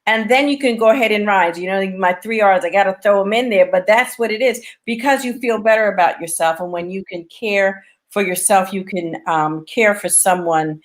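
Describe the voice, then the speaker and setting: A woman's voice: mid-range voice, moderate pace, few pauses. A woman hosting a talk show, speaking in an encouraging, motivational way with frequent fillers. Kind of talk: casual conversational interview.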